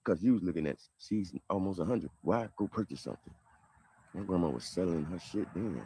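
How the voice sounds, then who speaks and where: A man with a Southern American accent telling a heated family story on a livestream, rambling and swinging between loud and quiet. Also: mid-range voice, big pitch swings, fast, no room sound. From southern United States. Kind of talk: animated livestream monologue.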